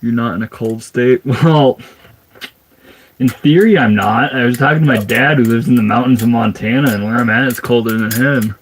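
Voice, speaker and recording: A man's voice: medium pitch, brisk, hardly any pauses, a little hiss or hum. Chatty young man streaming from his bus. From Minnesota. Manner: relaxed, chatty, reads out viewer questions. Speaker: livestreamer. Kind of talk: casual livestream chat. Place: converted school bus.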